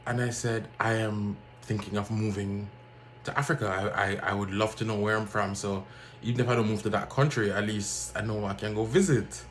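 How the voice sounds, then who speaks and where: Low-pitched man, casual storytelling, animated, faint background hiss. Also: fairly quick. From Jamaica. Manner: animated, acts out other people's lines in a raised voice. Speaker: vlogger.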